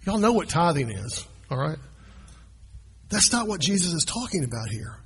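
A man gives a sermon as pastor, chatting with his congregation and asking them questions. His fairly high voice has a breathy edge and is very animated at a moderate pace; the church sanctuary adds long hall reverb.

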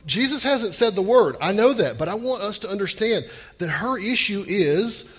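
A man's voice: sits high, big pitch swings, normal speed, a bit bright, husky. A man preaching a sermon, talking to the congregation and throwing them questions. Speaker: pastor. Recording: long reverb of a hall.

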